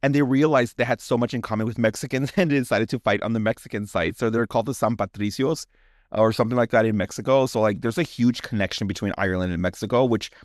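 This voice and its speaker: A man's voice: medium pitch, fairly even intonation, fast, no echo, studio quality. A man co-hosting a horror podcast who talks casually with lots of "like" and laughter, and also narrates ghost stories. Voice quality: chatty, lots of "like", laughs often. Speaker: podcast co-host and story narrator. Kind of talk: casual chat and dramatic story narration.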